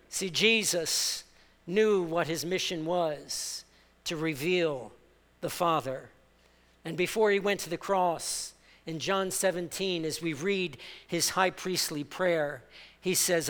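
High, bright-voiced preacher with hall echo. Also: male voice, measured pace. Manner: impassioned preaching that swells from soft to loud; leads the congregation in call-and-response. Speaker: pastor. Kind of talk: sermon. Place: church sanctuary.

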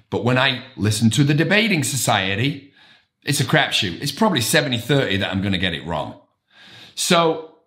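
A middle-aged man, a real estate broker, giving an emphatic, animated motivational talk. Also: mid-range voice.

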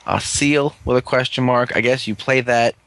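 A man's voice: mid-range voice, fairly even intonation, normal speed, fairly bright tone, dry recording. A man hosting a casual chat, reading through a long list with offhand jokes. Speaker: host. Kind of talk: casual toy-review chat.

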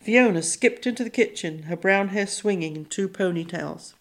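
A woman narrating a children's novel in a measured, even storytelling voice. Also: medium pitch. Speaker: audiobook narrator. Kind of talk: scripted narration.

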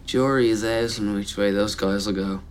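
A man acting out a deadpan young man earnestly talking about bands in a low, flat mumble. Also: moderate pace, clean tone, lightly acted.

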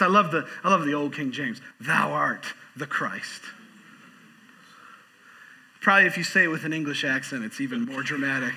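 High bright guy preaching in church, keeps repeating stuff for punch. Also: moderate pace, pauses often, husky, poor audio. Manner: preaching with rising emphasis, repeats phrases; reads a quote aloud. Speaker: pastor. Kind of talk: sermon.

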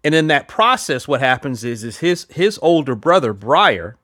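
A man's voice: medium pitch, sing-song, moderate pace, sharp tone, no room sound, clean studio sound. A man casually chatting as a podcast host, rambling with lots of fillers and restarts. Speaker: podcast host reviewing films. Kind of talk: casual chat.

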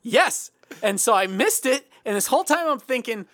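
Bright, self-mocking male podcast storyteller. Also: extremely high pitch, lively intonation, normal speed, no room sound. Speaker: podcast co-host. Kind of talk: casual storytelling chat.

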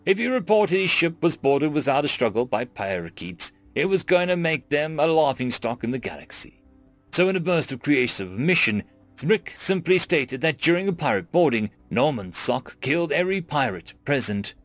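A man reading a humorous science fiction story aloud in a wry, expressive storytelling manner. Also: a little high, moderate pace, dry recording, soft background music. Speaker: story narrator. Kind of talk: scripted narration.

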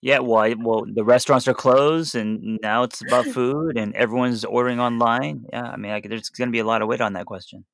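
A man with a mid-pitched voice co-hosts a casual podcast. He affirms, jokes and asks follow-ups. His voice sounds dry and close. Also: fairly even intonation, fairly quick, gravelly, few pauses, fairly bright tone, no room sound. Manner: affirming listener, joking, asks follow-up questions. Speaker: podcast co-host.

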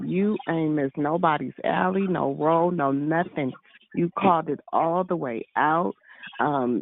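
A caller on a prayer line, praising the message with enthusiastic, preacherly energy. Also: male voice, a little high, gravelly. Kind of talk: sharing on a prayer call. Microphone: phone. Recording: phone line.

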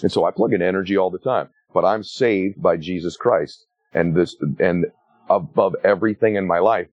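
A man in his forties, an author talking about his book in a casual interview, with an animated way of making points. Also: normal speed, no room sound, lo-fi sound. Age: 40s. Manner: animated storyteller, rises sharply in pitch to make a point. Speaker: author and guest.

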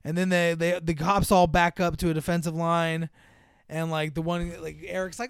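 A man's voice: a little high, fairly even intonation, fairly quick, gravelly, smooth, no room sound, clean studio sound. A man in casual chat, rambling and profane as he mocks a movie's plot. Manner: rambling, profane, mocking, acts out characters in voices.

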